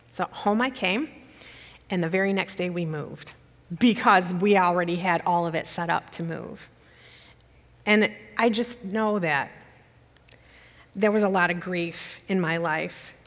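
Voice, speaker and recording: A woman's voice: lowish voice, normal speed, creaky. Emotional woman speaking in a reverberant church. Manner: emotional, close to tears. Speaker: guest speaker. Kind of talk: personal church talk. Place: church sanctuary. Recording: long hall reverb.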